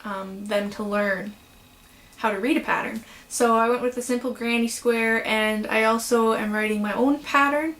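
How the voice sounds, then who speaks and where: A young woman chatting casually to camera at home about her crochet projects, with frequent "um"s and "so"s and quick apologies. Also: a little high, steady tone, a bit bright, poor audio. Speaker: crochet vlogger. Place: home room.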